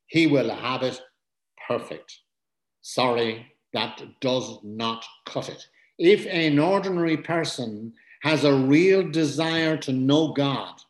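A man teaching a Bible passage as a sermon, earnest and conversational, repeating his key points and adding asides. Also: mid-range voice. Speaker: preacher. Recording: roomy echo.

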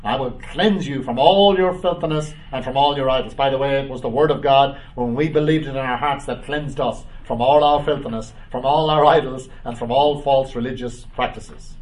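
A man preaching a Bible study, reading scripture aloud and commenting, with frequent "uh" and "um" pauses. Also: medium pitch, distant mic, rough recording. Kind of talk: bible teaching.

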